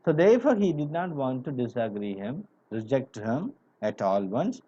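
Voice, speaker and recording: A man's voice: mid-range voice, big pitch swings, normal speed, few pauses, dark tone. A male teacher explaining a story line by line to his class, stopping to define words and using lots of "you know", heard in a dull, lo-fi recording. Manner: explains word by word, many "you know" fillers. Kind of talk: classroom literature lesson.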